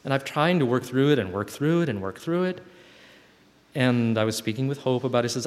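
A man giving a gentle, reflective spiritual talk to a camp group, with playful asides, and reading old letters aloud. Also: medium pitch, fairly quick. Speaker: camp speaker. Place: hall with long reverb. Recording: live talk in a reverberant hall.

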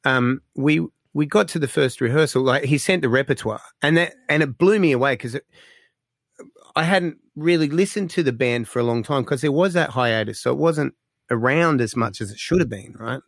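Gravelly man telling stories. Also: medium pitch, no echo, studio quality. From Australia. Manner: animated storyteller, lots of fillers, excitable. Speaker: guest musician. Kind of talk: casual storytelling interview.

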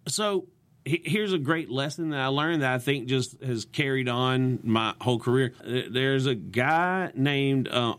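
A man's voice: mid-range voice, smooth. A young man with a Southern US accent, a comedian chatting casually on a podcast with lots of vocal inflection. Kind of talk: casual chat.

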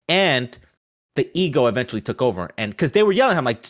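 A man talking fast and loose in a casual sports chat, restarting his sentences and leaning on "like" as a filler. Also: medium pitch. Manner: animated, restarts often, many "like" fillers.

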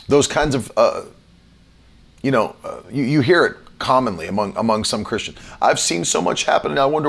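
A male preacher delivering an online sermon in an emphatic teaching voice. He slows right down on the phrases he wants to land and spells key words out letter by letter. His pitch sits in an ordinary middle range for a man.

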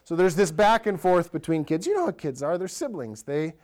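A man's voice: a little high, a little fast. A man in his thirties, a pastor, giving a conversational sermon in a church, telling stories and asking the congregation direct questions. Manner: relaxed storytelling, asks the congregation direct questions.

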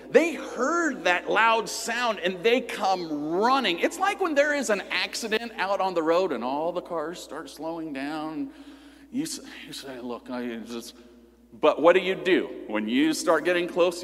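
A man preaching a sermon in a lively, conversational way, asking listeners questions as he teaches. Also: a little high. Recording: long hall reverb.

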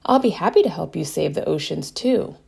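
A woman's voice: low voice, animated, a little fast, gravelly, darkish tone, husky, full character voice. A woman voicing a friendly, eager young boy in a children's story who chats cheerfully with his friend. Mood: upbeat.

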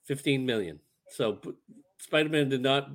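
A man's voice: medium pitch, animated, moderate pace. A man in a casual movie conversation, laid-back and prone to trailing off.

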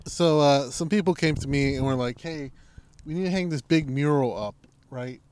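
A man's voice: on the high side, moderate pace, darkish tone, smooth. A man co-hosting a podcast, telling loose, swearing anecdotes in casual chat. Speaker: podcast co-host.

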